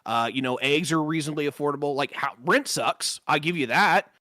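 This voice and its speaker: A man on an online panel, talking bluntly with lots of swearing and halting restarts. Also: fairly high pitch, pushed and bright, no room sound. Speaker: panel member. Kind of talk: heated online panel discussion.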